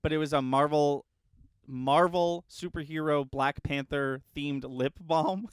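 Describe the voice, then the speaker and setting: A man's voice: a little high, measured pace, smooth, dry recording, studio quality. A man co-hosting a casual movie podcast, easygoing and chatty, prone to giggling. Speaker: podcast co-host. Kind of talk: casual movie review chat.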